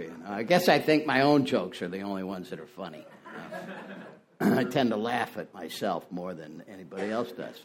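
A man's voice: lowish voice, animated, normal speed, creaky. An older man telling his recovery story at a meeting, folksy and self-deprecating, with lots of "you know". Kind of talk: personal testimony talk. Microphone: ear-worn headset mic.

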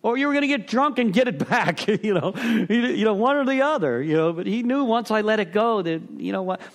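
A middle-aged man tells his story to a recovery group. He rambles, stops himself mid-thought and chuckles at his own words. His voice sits a little high for a man and swings widely up and down. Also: lively intonation, a little fast. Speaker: speaker sharing at a recovery meeting. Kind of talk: personal story share to a group.

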